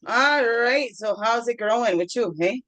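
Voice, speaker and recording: A woman with a Newfoundland accent hosts a daily self-care guidance show, offering casual motivational vlog talk that is chatty and encouraging. She often checks in with "okay?", chuckles playfully, and sings along between thoughts. Her voice is on the high side and fairly bright, she speaks unhurriedly, and the audio is poor.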